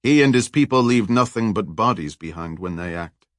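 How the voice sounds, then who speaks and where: Man voicing a grim fixer, low pitch, dry close sound. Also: animated, moderate pace, no echo, close to an everyday voice. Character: grim male fixer with violent contacts.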